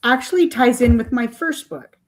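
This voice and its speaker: A woman's voice: on the high side, normal speed. Chatty older woman telling her story. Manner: rambling, chatty storytelling with many fillers and laughs. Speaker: author guest. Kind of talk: podcast interview storytelling.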